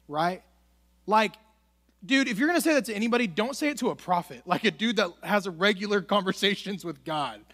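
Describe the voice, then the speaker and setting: A man's voice: high-pitched, fairly quick, fairly bright tone. A young man preaching a casual, conversational sermon as a student pastor, acting out the Bible dialogue as he reads. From United States.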